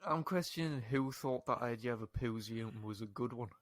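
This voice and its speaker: A man co-hosting a podcast in loose, jokey banter with friends. He riffs on strange facts with an easy comic push, in a mid-pitched voice. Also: normal speed, no echo. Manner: joking, riffs on absurd facts. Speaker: podcast co-host. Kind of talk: casual comedic banter. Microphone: podcast mic in a live online session.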